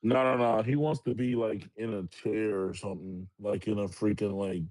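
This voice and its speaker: A man's voice: lowish voice, steady tone, moderate pace, darkish tone, dry recording. A man playing a tabletop game, arguing his point with jokes. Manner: insistent, joking. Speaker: player.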